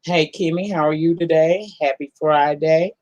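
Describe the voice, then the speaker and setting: A woman's voice: deep voice, fairly even intonation, normal speed, a little mellow, no room sound, highs cut off. A woman hosting a casual live-stream, greeting viewers one by one in a folksy, affectionate way. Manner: folksy, affectionate, calls people honey and baby. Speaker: livestream host.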